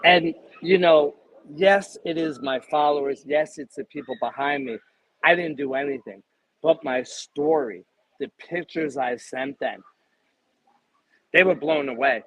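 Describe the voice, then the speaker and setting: A man in his fifties, a guest in a casual interview, talking in an emphatic, salesy pitching way. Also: a little slow, a bit bright, poor audio. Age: 50s.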